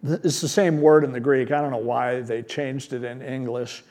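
A man's voice: medium pitch, fairly even intonation, moderate pace, a little mellow. A man preaching a sermon as pastor, teaching verse by verse in a conversational, plain-spoken way and asking rhetorical questions.

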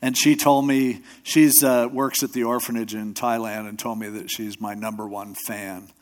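A man's voice: on the low side, steady tone, moderate pace. A man who pastors a church and hosts a radio show, preaching in a conversational sermon style. He tells stories, acts out quotes in other voices, and talks loosely with restarts and asides. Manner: storytelling, acting out quotes in voices.

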